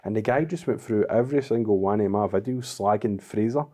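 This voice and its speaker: Glaswegian man, lower voice, warm dark tone, quick lively storyteller, casual podcast guest. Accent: Glaswegian Scottish. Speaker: guest, kitchen wrap business owner.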